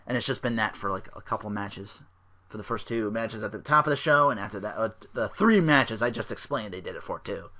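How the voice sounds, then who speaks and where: A man's voice: fairly low pitch, lively intonation, brisk, pushed and bright. A man hosting a casual solo podcast. He talks in a rambling, profane way with lots of fillers. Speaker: podcast host.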